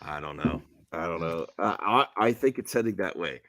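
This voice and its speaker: Animated, bright-voiced man hosting a podcast. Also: moderate pace, no room sound. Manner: animated storyteller, mimics his wife in high squeals. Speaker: show host. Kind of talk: casual podcast chat.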